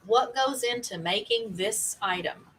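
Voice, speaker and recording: A woman's voice: on the high side, unhurried, fairly bright tone, far from the mic, slight background noise, low-quality recording. A woman hosting a casual live-stream party game, chatty and laughing often as she reads out viewer comments.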